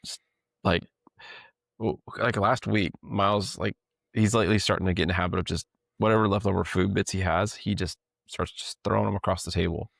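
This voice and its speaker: A man's voice: low-pitched, fairly even intonation, moderate pace, gravelly, a bit bright, no room sound. A man co-hosting a podcast in casual chat, a rambling storyteller who often laughs. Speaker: podcast co-host.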